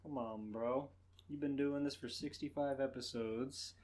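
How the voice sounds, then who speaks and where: A man's voice: medium pitch, steady tone, measured pace, darkish tone, a little hiss or hum. A man co-hosting a podcast, making teasing comments in casual banter. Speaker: podcast co-host.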